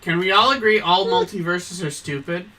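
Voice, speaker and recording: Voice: medium pitch, normal speed, a crowd in the background, poor audio. A guest playing the game on a stream, chatting casually with dry teasing remarks. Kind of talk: casual gaming chat.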